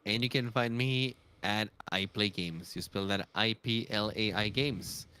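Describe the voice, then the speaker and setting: A man co-hosting a live podcast, giving brief, relaxed replies in casual chat. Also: fairly low pitch, unhurried, a little hiss or hum. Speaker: podcast co-host and editor.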